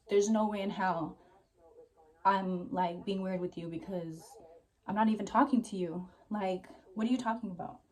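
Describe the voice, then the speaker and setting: A mellow, medium-pitched young woman recounts a story vlog-style, casual and wandering, a touch winded, with lots of "like" and plenty of swearing.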